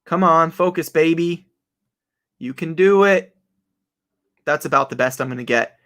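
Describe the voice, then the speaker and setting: An excitable young man chats on a casual live stream with a voice pitched a little higher than most men's. He laughs often and talks straight to his viewers, thinking out loud as he works. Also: unhurried. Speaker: online reseller hosting a live stream. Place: home office.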